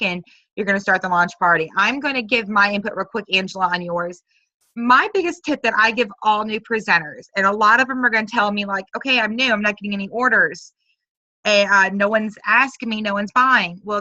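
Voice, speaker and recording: A woman's voice: mid-range voice, sharp tone, no echo, dull audio. A woman team leader giving upbeat, chatty coaching on a video conference call, acting out sample messages.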